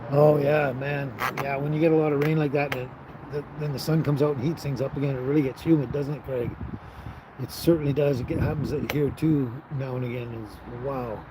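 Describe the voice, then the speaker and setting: A man in a relaxed, easygoing livestream chat, talking at an ordinary mid pitch and chuckling between thoughts. He is recorded outdoors, with clear traffic and street noise behind his voice. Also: a little fast. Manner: easygoing, chuckles often, trails off with fillers. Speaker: livestream host reading viewer chat. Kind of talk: casual live chat.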